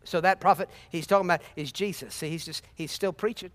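A man's voice: high voice, fairly even intonation, fast. A man preaching a sermon with impassioned, repetitive phrasing and sudden bursts of praise.

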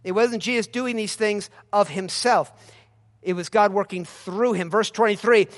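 A man preaching a sermon with emphasis, shouting some scripture lines and dropping to quiet, mocking asides. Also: high voice, normal speed, big-room sound.

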